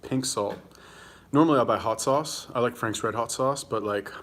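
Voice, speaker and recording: A man's voice: mid-range voice, normal speed, a bit bright. A young man hosting a casual livestream, answering viewer comments bluntly and combatively, swearing freely and talking while he eats. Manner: talks while eating.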